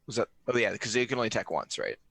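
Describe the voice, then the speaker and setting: A man playing a tabletop game over a voice call, animated and thinking aloud. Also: on the low side, rapid-fire, vocal fry, no echo, low-quality recording. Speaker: player. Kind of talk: casual tabletop play.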